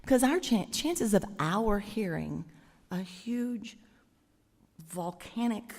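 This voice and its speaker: Woman preacher, unhurried, musing sermon delivery, church echo. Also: mid-range voice, expressive, darkish tone. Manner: conversational, musing, hesitant. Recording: long church reverb.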